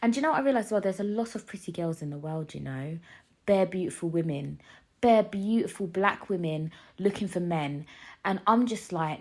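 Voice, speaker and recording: A young woman hosts a solo podcast in a loose, chatty rant. Her voice sits slightly low and swings from loud, lively outbursts to quiet muttered asides. She jokes and riffs as she talks. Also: moderate pace. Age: 20s. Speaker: podcast host.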